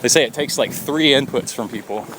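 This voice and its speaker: A man records himself running outdoors. He talks in a casual, rambling way and acts out his quotes. His mid-pitched voice sits over clear street traffic. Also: a little fast. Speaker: podcast host and coach. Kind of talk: casual storytelling while running. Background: passing traffic.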